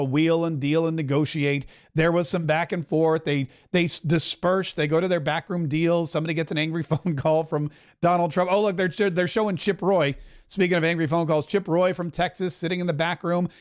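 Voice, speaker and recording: A middle-aged man talks over a live broadcast as a podcast host, keeping up a chatty, wry running commentary. His voice sits a little high for a man. He tosses in quick asides as he goes.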